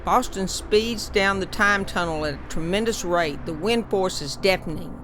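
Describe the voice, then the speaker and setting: A woman narrating an illustrated story in an animated, playful way. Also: medium pitch, moderate pace, noisy background. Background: music.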